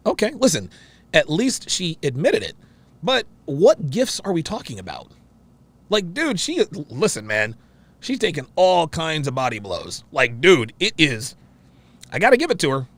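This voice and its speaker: A man's voice: on the high side, wildly swooping pitch, measured pace, fairly bright tone. A man hosting a reaction show, talking in a casual, exclamatory way and often repeating himself.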